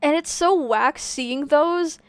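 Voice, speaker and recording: A woman's voice: high-pitched, slow pace, no echo. A young woman streaming a game, chatting casually and rambling with lots of "like". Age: young adult. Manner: rambling, fillers of "like". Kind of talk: casual gameplay chat.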